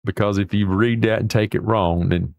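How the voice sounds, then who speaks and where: A man's voice: lowish voice, fairly even intonation, moderate pace, vocal fry, dry recording, studio quality. A man hosting a livestream, rambling in a folksy way with mild swearing as he reacts to viewer comments. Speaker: livestream host. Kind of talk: casual chat reading viewer comments.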